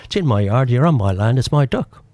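A man's voice: mid-range voice, expressive, fairly quick, darkish tone, no echo, close to an everyday voice. A man telling a joke as a blunt old farmer. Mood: stubborn. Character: gruff male farmer in a joke.

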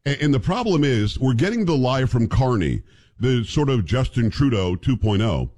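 A man's voice: mid-range voice, big pitch swings, normal speed, a little mellow. A man hosting a radio talk show, chatting casually with a joking, opinionated manner and a neutral American accent with a hint of New York.

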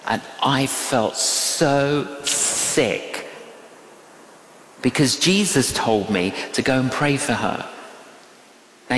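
A man preaching a sermon, telling stories in an animated way that swings from hushed to loud. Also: mid-range voice, a little hiss or hum. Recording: echoey hall with long reverb.

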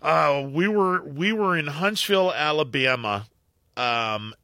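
A middle-aged former baseball broadcaster telling anecdotes as a guest, with halting restarts and acted-out quotes. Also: male voice, on the high side, no room sound, clean studio sound. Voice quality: halting, many restarts and fillers. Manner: acts out quotes in animated anecdotes. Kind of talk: casual phone-in storytelling.

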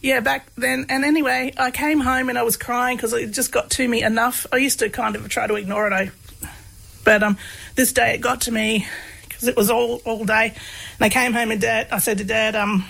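A woman's voice: fairly high pitch, steady tone, normal speed, vocal fry, fairly bright tone, rough recording. A woman telling a personal story in a casual, hesitant way, full of fillers. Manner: hesitant, many fillers, laughs while telling. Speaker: guest, researcher of comedy.

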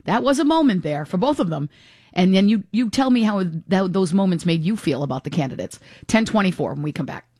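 A woman hosting a talk radio show, commenting in an animated, exclaiming way and taking calls. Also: mid-range voice, fairly quick, breathy edge, no echo, clean studio sound. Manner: animated, exclaiming, laughing between remarks.

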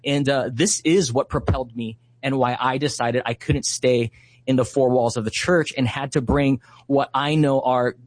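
An earnest man in his thirties from Hawaii speaks as an interview guest, passionate and full of fillers as he tells his story. His voice sits at an ordinary pitch, and the recording is close and dry with no room sound. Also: fairly even intonation, moderate pace, no echo. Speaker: guest, Christian activist.

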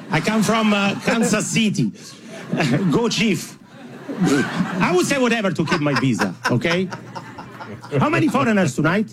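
A man with a heavy Italian accent performs stand-up, his high voice swooping up and down. He mocks himself with a grin and stumbles over fillers. A large audience laughs loudly behind him. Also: background noise. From Italy. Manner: playful, self-mocking, laughing between lines, hesitant fillers. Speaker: stand-up comedian. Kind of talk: stand-up comedy set. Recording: live show with audience laughter. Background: crowd laughing.

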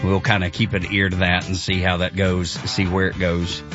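A man hosting morning radio talk, excitable and jokey, laughing often. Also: deep voice, moderate pace, lo-fi sound, music in the background. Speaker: radio host.

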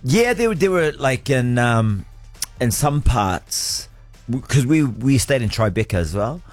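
A man's voice: mid-range voice, big pitch swings, measured pace, no echo, soft background music. A male radio breakfast host, chatting casually in a laid-back, playful way. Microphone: studio microphone.

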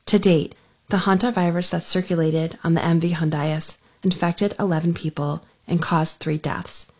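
A woman radio reporter reading scripted news narration in an even delivery. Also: fairly low pitch, moderate pace.

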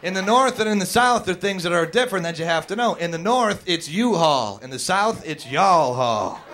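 A man doing stand-up with a slightly high voice. He banters with the audience and keeps throwing questions at them. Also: lively intonation, brisk, a bit bright, a little hiss or hum. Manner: chatty, quizzes the audience, acts out voices. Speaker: stand-up comedian. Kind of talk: stand-up set.

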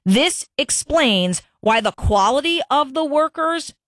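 A woman's voice: sits high, animated, slow pace, a bit bright, no echo, clean studio sound. A woman hosting a talk radio show, delivering an emphatic opinion monologue and repeating herself for stress.

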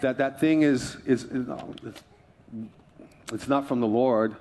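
A man preaching a sermon as a pastor, telling stories and swinging from quiet asides to animated bursts with many restarts. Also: mid-range voice, takes it slowly, a little hiss or hum. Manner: self-interrupting, many restarts.

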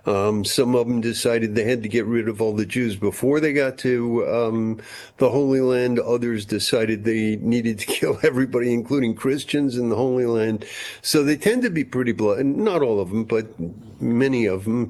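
A man's voice: mid-range voice, moderate pace, darkish tone. A man talking as a historian guest, explaining at length and often repeating words as he thinks. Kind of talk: conversational interview explanation.

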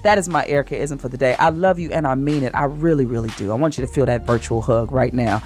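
A woman hosting a morning radio show, giving slow, soothing, preacherly encouragement with faith talk. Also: a bass voice, darkish tone, faint music behind. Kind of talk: inspirational morning devotional talk.

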